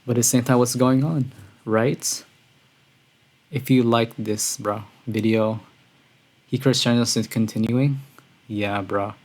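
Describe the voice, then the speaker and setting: A man streaming a music reaction, talking casually and excitedly, breathless and calling his viewers "bro". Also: mid-range voice, takes it slowly, pauses often. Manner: excitable, says "bro" often, gushing. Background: song playing quietly.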